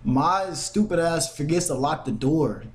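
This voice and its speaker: A young man telling a story casually, animated and slangy, acting out the voices of the people in it and cursing often. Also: fairly high pitch, unhurried. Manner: animated, acts out quotes with shifting voices. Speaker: podcast host telling a story.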